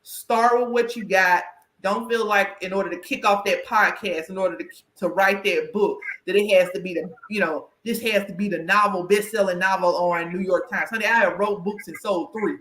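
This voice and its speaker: A woman with a Southern country twang hosts an interview in a chatty, emphatic way, often checking in with "right?". Her voice is bright and forceful. The sound carries a noticeable room echo. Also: medium pitch, fairly even intonation, moderate pace. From Southern United States. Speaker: podcast host and career coach. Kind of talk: conversational interview.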